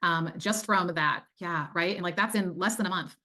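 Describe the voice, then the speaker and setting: A woman's voice: fairly low pitch, moderate pace, pushed and bright. A middle-aged woman, a time management coach, telling her story as an interview guest in an earnest, faith-filled way. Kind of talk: casual interview chat.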